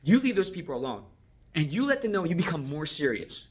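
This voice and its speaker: A man training restaurant servers, talking straight to the viewer in an animated, coaching way and checking that they follow along. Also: on the high side, a little fast, slight background noise. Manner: acts out guest and server lines. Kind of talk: instructional talk to camera.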